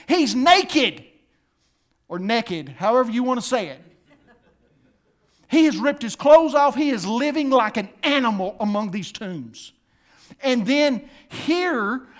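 A man preaching a sermon, dropping to a hush and then rising loud and emphatic, acting out voices as he reads scripture. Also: very high-pitched. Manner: swings from hushed to loud and emphatic; acts out voices while reading scripture.

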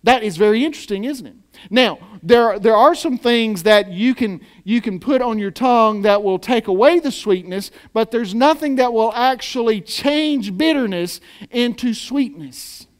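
A high-voiced male pastor preaching in a church. He is animated and keeps throwing rhetorical questions at the congregation. He mixes in playful, joking asides. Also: normal speed. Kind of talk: sermon. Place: church hall.

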